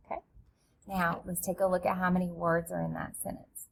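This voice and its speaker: A woman's voice: fairly low pitch, level tone, gravelly. A woman teacher giving a phonics lesson to young children, patient and encouraging as she reads along. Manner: slow, patient, encouraging delivery.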